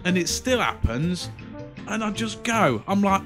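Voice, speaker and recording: A man's voice: high-pitched, very animated, measured pace, over music. A man co-hosting a comedy podcast, ranting and swearing as he acts out other people. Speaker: podcast co-host. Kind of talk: casual comedy banter.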